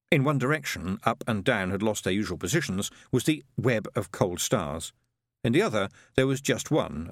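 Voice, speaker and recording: Guy reading a sci-fi audiobook, measured and expressive, lowish voice that swings up and down a lot. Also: dry recording, studio quality. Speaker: audiobook narrator. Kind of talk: scripted narration of a science fiction novel.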